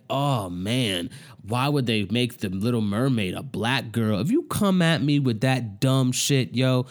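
A man's voice: mid-range voice, darkish tone. A man ranting angrily to camera, swearing heavily and repeating himself in exasperation. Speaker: vlogger. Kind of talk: profane rant to camera.

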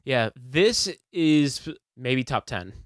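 A man co-hosting a podcast, talking through a movie review in a laid-back, halting way with frequent laughs. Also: mid-range voice, very animated, no echo, studio quality. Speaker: podcast co-host. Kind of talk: casual movie review chat.

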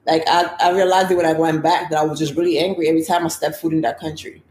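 A woman's voice: deep voice, fast talker. A young woman from Italy, a basketball player, telling stories bluntly in a casual interview. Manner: blunt, animated, acts out quoted exchanges. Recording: echoey room with faint background noise.

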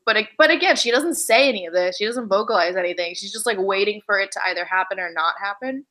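A woman chatting casually over a call, bright and forward in tone. She talks in lively swings, jumping high when she acts out someone else's words. Her pitch sits in the middle range for a woman. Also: fast talker, rough recording. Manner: animated, acts out characters' lines with big pitch jumps. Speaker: podcast co-host discussing a book. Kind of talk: casual chat. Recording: remote call audio.

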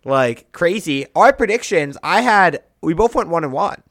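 Animated young man in dry sports chat. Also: moderate pace, no room sound. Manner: animated, jumps in pitch and loudness for emphasis. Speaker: podcast co-host.

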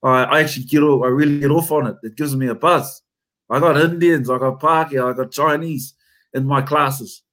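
A man with a New Zealand accent talks in a casual interview. He tells stories with animated emphasis, and his voice sits in the middle pitch range. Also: fairly quick. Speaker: haka teacher and company founder.

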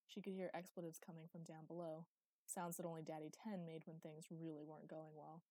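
A young woman reading a story aloud in an even, unhurried narration. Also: low-pitched, dry recording. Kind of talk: audiobook narration.

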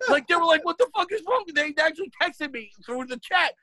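A woman's voice: very high voice, big pitch swings, normal speed, pushed and bright, no echo, low-quality recording. A woman co-hosting a casual chat, ranting in exasperation with lots of swearing and bursts of laughter. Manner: rises to shrieking when worked up.

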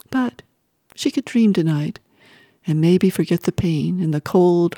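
Lady reading a novel out loud, steady and expressive, goes whispery here and there, dead dry room. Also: deep voice, dry recording. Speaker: audiobook narrator. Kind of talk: scripted narration.

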